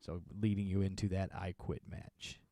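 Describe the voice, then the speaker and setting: A man's voice: low voice, level tone, moderate pace, no room sound, clean studio sound. A man co-hosting a podcast, recapping wrestling in casual, rambling, sarcastic chat. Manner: rambling, sarcastic, acts out wrestlers' shouted lines. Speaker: podcast co-host.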